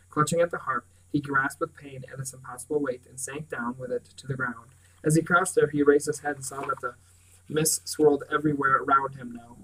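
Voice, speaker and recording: A man reading a fantasy novel aloud, steady with small slips and restarts. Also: medium pitch, far from the mic, low-quality recording. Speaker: reader.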